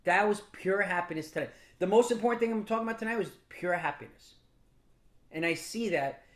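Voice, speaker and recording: A man's voice: high-pitched, fairly quick. A man telling motivational stories to a mastermind group, casual and blunt with some swearing, often restarting and repeating words. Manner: casual, blunt, with mild profanity. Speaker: business mentor speaking to a mastermind group. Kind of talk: motivational storytelling talk.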